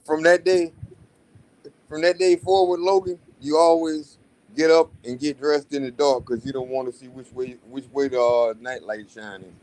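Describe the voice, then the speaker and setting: A man's voice: on the high side, fairly even intonation, normal speed, darkish tone. A man on a casual livestream, teasing a friend with roasting jokes.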